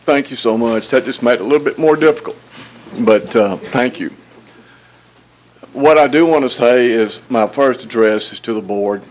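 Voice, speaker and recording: An older man, a retiring alderman giving an emotional, halting farewell speech at a city board meeting. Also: mid-range voice. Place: city council chamber.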